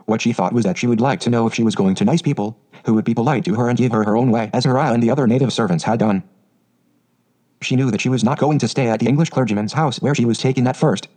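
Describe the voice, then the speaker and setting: A man reads a classic storybook aloud in a steady, even way. His voice is mellow and dark-toned, sitting at an ordinary middle pitch. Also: low-quality recording. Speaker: audiobook narrator. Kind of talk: scripted storybook narration.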